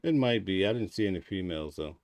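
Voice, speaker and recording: Guy co-host, kinda low voice, halting casual questions, dry close sound. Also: expressive, a little mellow, no room sound. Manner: halting, with fillers, asks questions. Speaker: stream co-host. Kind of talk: casual conversation.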